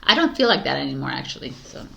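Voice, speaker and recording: A woman reading tarot in vlog bloopers, giggling and flustered, stumbling and restarting, with quiet asides under her breath. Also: rumbling low, big pitch swings, fast talker, gravelly, lo-fi sound. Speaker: tarot reader.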